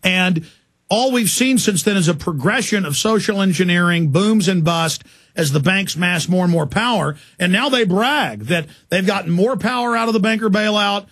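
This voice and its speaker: A male radio talk show host interviewing a guest, talking forcefully in firm declarations from the studio. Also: sits high, normal speed.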